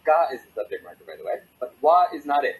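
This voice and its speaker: A man's voice: on the high side, quick pace, rough recording. A man teaching Japanese grammar in a recorded video lesson, acting out example sentences. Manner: animated, acts out example sentences.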